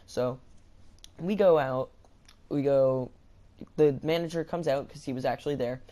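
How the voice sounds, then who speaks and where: A man's voice: mid-range voice, a little slow, mellow. A young man telling a storytime anecdote to his viewers, rambling and stammering with many restarts and "like" fillers. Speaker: vlogger. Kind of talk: storytime vlog.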